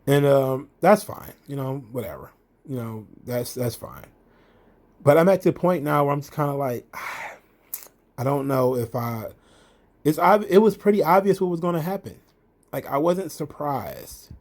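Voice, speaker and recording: Casual male commentator, rambling and animated as he recaps. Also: fairly high pitch, a little slow. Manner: rambling, many fillers and restarts, animated retelling. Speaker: wrestling show commentator.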